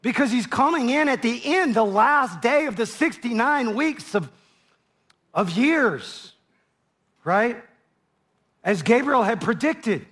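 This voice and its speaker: A man's voice: extremely high pitch, animated, slow, long pauses, a bit bright. A man preaching a sermon verse by verse, conversational, with asides and frequent repeated words. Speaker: pastor. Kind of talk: verse-by-verse Bible teaching.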